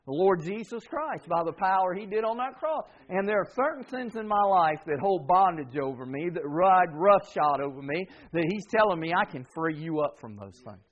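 The preacher's voice sits high and sounds animated, moving at normal speed with hardly any pauses, though the recording is muffled. He has the congregation echo his words and hammers key terms through emphatic repetition, call-and-response style.

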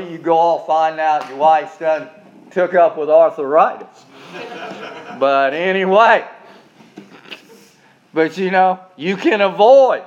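A man preaching a sermon in a folksy, emphatic way, with repeated asides to listeners. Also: a little high. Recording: dull lo-fi recording.

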